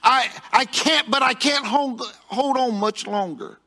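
A man's voice: very high voice, measured pace, sharp tone, voice pushed up, full character voice. A man voicing a desperate man clinging to a branch, pleading in a panic.

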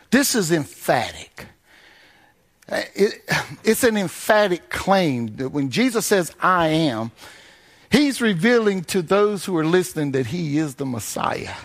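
A man preaching a sermon, swinging between sing-song swells and low quiet passages.

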